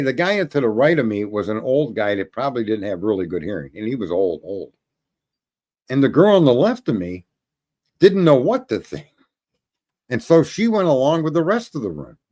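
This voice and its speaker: Animated, profane storytelling man. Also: medium pitch. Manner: profane, animated, laughing often. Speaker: host. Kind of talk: casual storytelling monologue.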